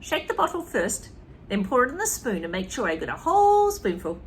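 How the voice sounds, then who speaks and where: Grumpy old grandmother, bossy, snapping, fast and sharp, a woman reader putting her on, children's storybook. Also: a little high, huge pitch swings, a little hiss or hum, voice pushed up. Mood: snappish. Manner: snapping, impatient, later shrieking.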